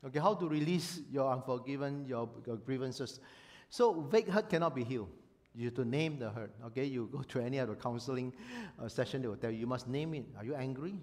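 Animated pastor, man. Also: medium pitch, fairly quick. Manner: animated, emphatic, acts out quoted voices. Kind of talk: sermon.

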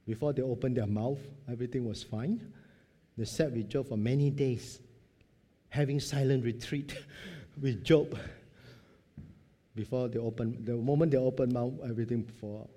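Man, pastor, mellow tone, conversational sermon. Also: mid-range voice. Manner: conversational preaching, repeats points, acts out quoted dialogue.

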